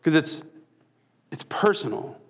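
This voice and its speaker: A young man, preaching a casual sermon with self-deprecating humor. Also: unhurried. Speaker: pastor.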